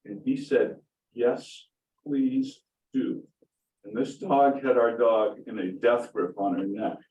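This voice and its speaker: A man's voice: on the low side, darkish tone, highs cut off, slight background noise. A middle-aged man giving public comment at a town board meeting, talking emphatically and with indignation, and repeating his points for stress. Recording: roomy distant meeting-room audio.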